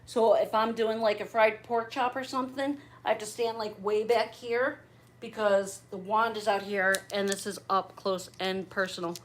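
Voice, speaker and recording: A woman's voice: medium pitch, fairly even intonation, moderate pace, slight background noise. A middle-aged woman chatting on a livestream as she opens gifts, gushing, bubbly and a little raunchy. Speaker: livestream host opening gifts.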